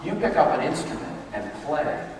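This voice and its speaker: Animated male speaker in an echoey hall. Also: on the high side, moderate pace, noisy background. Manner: animated, emphatic storytelling. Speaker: motivational speaker. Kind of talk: live motivational talk. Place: large hall. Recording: echoey hall, distant mic.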